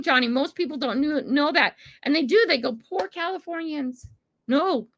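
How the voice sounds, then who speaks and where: A woman's voice: high-pitched, sharp tone. An older American woman hosting a livestream, chatting casually with viewers and laughing often. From United States. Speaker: livestream host reading chat. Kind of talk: casual chat.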